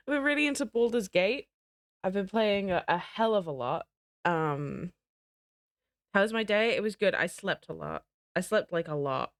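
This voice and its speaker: A woman streamer chatting casually to her viewers, excitable and giggly. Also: fairly low pitch, no room sound, clean studio sound. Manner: excitable, giggly, talks to chat. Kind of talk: casual live-stream chat.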